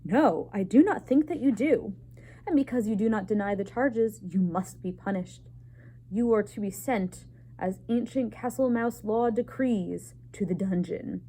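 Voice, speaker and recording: A woman voicing a stern, pompous male elder mouse judge in a storybook reading, with a booming, pronouncing manner. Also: measured pace, dark tone.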